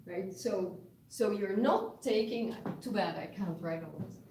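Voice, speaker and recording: A woman's voice: medium pitch, unhurried, warm tone, a little hiss or hum. A woman giving a university linguistics lecture, explaining patiently with examples and frequent restarts. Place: lecture room. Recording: echoey room, mic far off.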